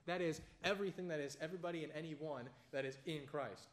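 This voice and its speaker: A man leads an informal Bible study at a quick clip, his voice sitting a little high. He talks like he is chatting with friends, slipping into stories and animated asides. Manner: conversational, tells anecdotes, animated asides. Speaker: Bible teacher.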